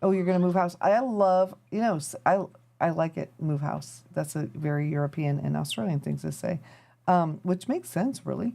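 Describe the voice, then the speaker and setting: A woman's voice: low-pitched, normal speed, creaky, dark tone. A woman hosting a live stream, chatting casually and rambling to her viewers as she thinks aloud while tinkering. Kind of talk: casual chat to a live audience.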